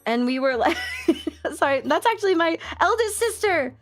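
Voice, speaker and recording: A young woman streamer chatting casually, telling stories in an excitable, gushing way. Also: extremely high pitch, moderate pace, soft background music. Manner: excitable, gushing storyteller with lots of laughter. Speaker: VTuber streamer.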